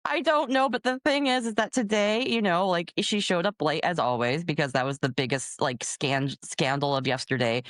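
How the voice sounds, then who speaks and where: A young adult woman co-hosting a podcast, telling a workplace story in casual chat, animated and swearing freely. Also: fairly low pitch, moderate pace, few pauses, no room sound. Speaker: podcast co-host.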